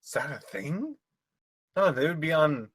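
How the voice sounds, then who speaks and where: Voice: mid-range voice, animated, measured pace, fairly bright tone, slightly rough, no echo. A player speaking in character at a tabletop game, hesitant with fillers.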